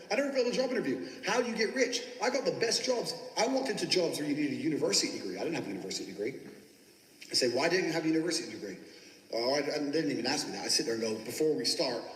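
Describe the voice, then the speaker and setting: Brash fast-talking man in echoey room. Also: mid-range voice, a bit bright. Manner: brash, boastful, swears constantly. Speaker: business coach teaching sales. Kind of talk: profane motivational monologue. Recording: echoey room with long reverb.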